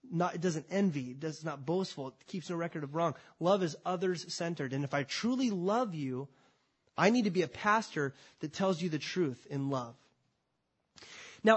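A man's voice: high voice, husky. A pastor preaching a conversational sermon, talking to his congregation with frequent restarts.

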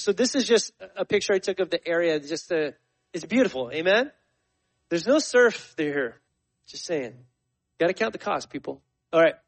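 A man's voice: fairly high pitch, rough recording. A man in his forties, a missionary speaking to his church in a conversational, storytelling sermon full of fillers and restarts. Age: 40s. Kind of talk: sermon testimony.

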